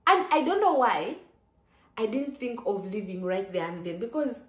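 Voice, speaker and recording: A young woman vlogger tells a casual story at a measured pace, her voice a little high. She's chatty and lively, peppering her talk with "like" and sudden exclamations. The room has a noticeable echo.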